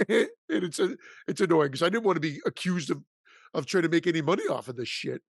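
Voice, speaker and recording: Male podcast co-host, a bit high, dry close sound, rambling casual delivery. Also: animated, a little fast, gravelly, husky, dry recording. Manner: rambling, restarts, laughs easily. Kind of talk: casual chat.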